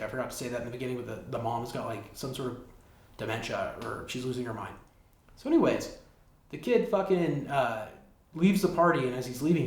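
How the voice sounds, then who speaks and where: A man hosting a casual solo podcast, retelling a film plot in a rambling way, full of "like" and swearing. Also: mid-range voice. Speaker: podcast host. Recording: roomy backup recording with faint hiss.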